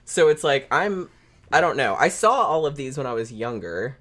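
A man's voice: medium pitch, expressive, normal speed, fairly bright tone. Rambling man reviewing a film casually. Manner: rambling, swears, laughs often. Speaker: podcast co-host.

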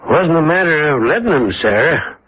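A man's voice: fairly high pitch, expressive, moderate pace, slightly rough. An actor playing a stubborn, evasive older rural man with a laconic backcountry drawl, in a 1940s-style radio drama. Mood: grumbling. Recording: tinny hissy old radio broadcast.

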